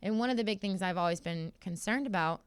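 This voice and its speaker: A young woman fighter, a guest in a studio interview, speaks fast at medium pitch with a clean tone and no echo. She shares her story candidly and with animation, acting out what other people said in this casual chat.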